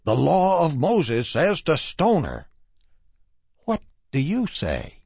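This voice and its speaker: A man's voice: a little high, huge pitch swings, takes it slowly, gravelly, a little mellow, breathy edge, no room sound, clean studio sound, pitched above the performer's own voice, heavily acted. A man voicing a group of scornful male religious leaders who press pointed, demanding questions in a Bible reading. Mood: accusing.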